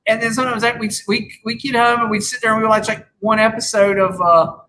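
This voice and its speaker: Podcast host, man in his thirties, loose rambling chat, swears a lot, bright tone, faint hiss behind. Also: high voice, steady tone, brisk, poor audio. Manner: rambling, swears freely, many restarts. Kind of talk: casual chat.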